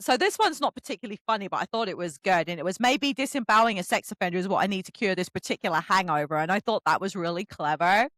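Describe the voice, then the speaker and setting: An English woman hosting a casual book podcast, animated and profane, often laughing as she talks. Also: mid-range voice, quick pace, few pauses, dry recording. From England. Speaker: podcast host and book influencer. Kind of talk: casual chat.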